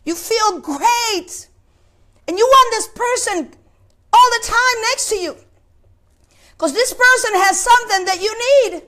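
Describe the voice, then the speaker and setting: Woman preacher, very high voice, sermon delivery, questions to the congregation, halting repeats. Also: bright, forceful tone. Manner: asks the congregation questions, repeats words while searching. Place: place of worship.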